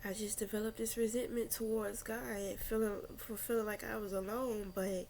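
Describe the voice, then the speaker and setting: A young adult woman vlogging candidly about her spiritual struggles, talking in a slow, meandering way with many fillers and restarts, and audibly emotional. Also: medium pitch, level tone, vocal fry, darkish tone, a little hiss or hum. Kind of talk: candid personal reflection.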